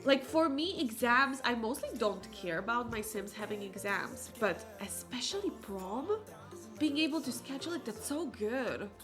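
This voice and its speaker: Excitable woman streamer, high lively voice. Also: moderate pace, music in the background. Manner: chatty, excitable, rambling with fillers. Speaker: let's play streamer. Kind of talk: gameplay commentary.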